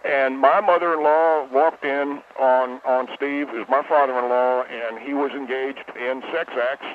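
A man calling in to a radio show, nervous and stammering, halting between words. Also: medium pitch, steady tone. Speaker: caller. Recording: tinny phone line with faint hiss.

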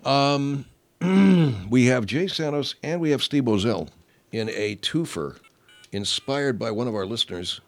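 Middle-aged guy rambling on his podcast, swears a lot, keeps clearing his throat, bouncy voice. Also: mid-range voice, lively intonation, measured pace. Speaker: podcast host. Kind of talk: casual comedic monologue.

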